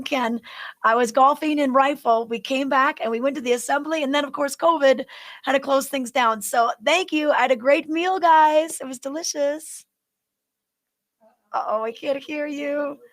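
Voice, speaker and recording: A woman's voice: high voice, rough recording. A woman hosting a live morning news show, chatting upbeat and running through local events with plenty of fillers. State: out of breath.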